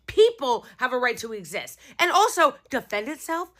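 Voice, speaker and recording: A woman's voice: high-pitched, big pitch swings, moderate pace. A woman giving angry reaction commentary, ranting with heavy profanity. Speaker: political commentator.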